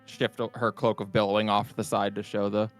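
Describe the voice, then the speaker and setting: A man taking part as a player in a tabletop game, casual and relaxed. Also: on the low side, fairly quick, soft background music.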